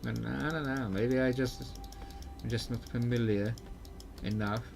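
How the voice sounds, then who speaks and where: A man's voice: medium pitch, fairly even intonation, measured pace, vocal fry, a little mellow, faint music behind. A man streaming live gameplay commentary, chatty and thinking aloud with frequent fillers. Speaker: streamer playing a video game.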